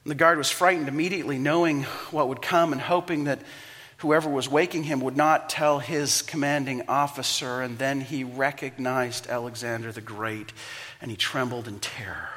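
A man preaching a sermon as pastor, telling stories dramatically and swinging from hushed to loud and impassioned. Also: mid-range voice, moderate pace, big-room sound. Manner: impassioned, dramatic storytelling with wide swings in loudness.

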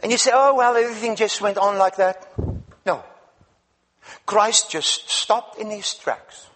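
A male preacher telling a Bible story in a sermon, with dramatic swings between loud and hushed delivery. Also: high voice, fairly even intonation, a little slow. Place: church. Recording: reverberant church hall.

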